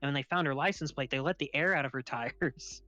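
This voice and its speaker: A man's voice: fairly high pitch, fast. Young man telling a swear-heavy story. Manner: animated, laughing, swears freely. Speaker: podcast host. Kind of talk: casual storytelling chat. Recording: dull lo-fi dry sound.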